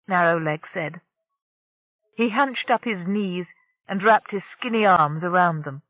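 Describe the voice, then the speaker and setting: Steady audiobook narrator, dull dry sound. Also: medium pitch, unhurried, no echo. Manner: steady storytelling. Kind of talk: scripted narration.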